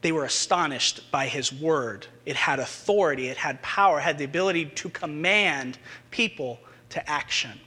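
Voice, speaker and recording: High, bright-voiced preacher man. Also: moderate pace, in a large hall. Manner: animated storytelling, rising to excited emphasis. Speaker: pastor. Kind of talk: sermon.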